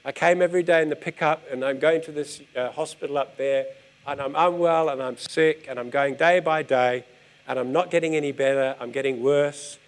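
A man's voice: a little high, steady tone, brisk, pitched below the performer's own voice, close to an everyday voice. A man voicing a middle-aged African woman earnestly giving a church testimony.

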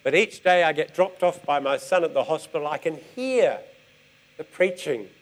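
A man's voice: fairly high pitch, lively intonation, moderate pace, natural voice. A man voicing a middle-aged African woman earnestly giving a church testimony.

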